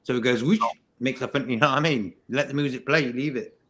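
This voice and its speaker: An easygoing man co-hosts a casual fan chat, making his points with homely everyday comparisons. His voice sits at an ordinary middle pitch. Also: fast, fairly bright tone, slight background noise. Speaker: regular co-host.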